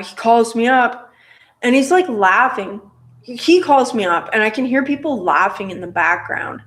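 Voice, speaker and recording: A woman's voice: mid-range voice, fairly bright tone. A woman telling a casual story about her motorcycle build, rambling with lots of fillers and restarts.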